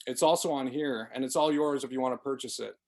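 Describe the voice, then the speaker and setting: A man's voice: mid-range voice, steady tone, fast, darkish tone, natural voice. A man reading aloud, voicing a slurring, scheming man who turns panicky when threatened. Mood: wheedling. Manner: wheedling, then pleading.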